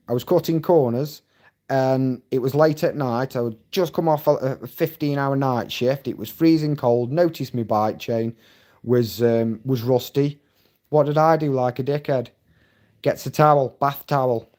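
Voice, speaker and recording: A Scottish man with a warm, mid-range voice chats casually on a live stream. He rambles and swears bluntly while reading and answering viewer comments.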